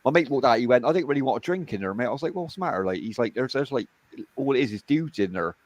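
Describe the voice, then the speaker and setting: Quick guy swearing thru a pub story, close dry mic. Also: mid-range voice, animated, dry recording, dull audio. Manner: swears freely, rambling anecdotes. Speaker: chat participant. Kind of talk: casual chat.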